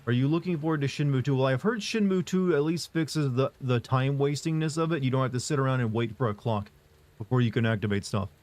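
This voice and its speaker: A man streaming live who answers chat in a casual, monotone, rambling way, full of fillers and restarts. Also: mid-range voice, fast. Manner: monotone, flat delivery.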